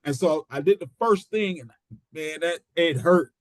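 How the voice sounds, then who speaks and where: A middle-aged man spins a story in a casual interview, slipping into the voices of the people he quotes. His voice sits fairly high for a man. The sound is dry and close, with no room around it. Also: unhurried, no room sound. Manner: animated storyteller acting out quotes. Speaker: interview guest, pro wrestler. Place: studio.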